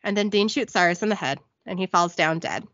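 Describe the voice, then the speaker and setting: A woman's voice: on the low side, a little fast, dry recording, dull audio. A woman hosting a casual podcast, giggling as she retells a TV episode. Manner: lively, giggly storytelling. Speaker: podcast host recapping a TV episode. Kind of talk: casual recap chat.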